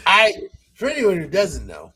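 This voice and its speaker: A man's voice: high-pitched, wildly swooping pitch, normal speed, bright, forceful tone, slightly rough. A man hosting a podcast, ranting in casual chat with profanity and laughing asides. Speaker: podcast host.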